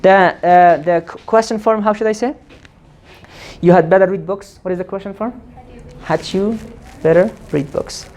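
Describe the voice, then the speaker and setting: A woman teaching an English grammar lesson, quizzing the class and answering her own questions, repeating forms slowly. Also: mid-range voice, a little mellow. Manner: asks the class questions and answers them herself.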